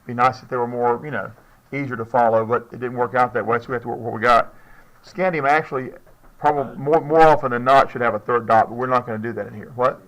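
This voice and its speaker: A man teaching chemistry to a classroom of students. His pitch sits in the middle range, and he speaks in a loose, chatty way. He jokes now and then and keeps checking whether the class is following. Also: steady tone, fast, fairly bright tone, poor audio. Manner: casual, joking, checks in with students often. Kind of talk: classroom lecture.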